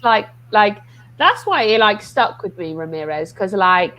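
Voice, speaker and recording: A woman's voice: medium pitch, expressive, unhurried, a bit bright, low-quality recording. A woman in casual chat on a video call, talking with many fillers. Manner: filler-heavy, says like a lot.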